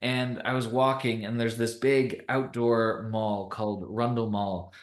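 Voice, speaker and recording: A young man from Canada, a podcast guest, telling a personal story in a casual, animated way and laughing often. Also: mid-range voice, a little slow, roomy sound.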